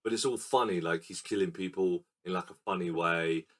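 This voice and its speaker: In a recording room, a man co-hosting a casual film podcast explains scenes and acts them out in silly voices. He has a low voice and speaks a little fast.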